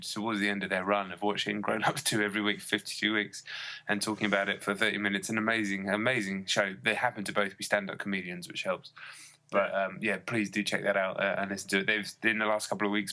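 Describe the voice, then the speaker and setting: A man's voice: fairly low pitch, sharp tone. A man co-hosting a podcast, chatting casually and enthusiastically with many fillers. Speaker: podcast co-host. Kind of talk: casual chat.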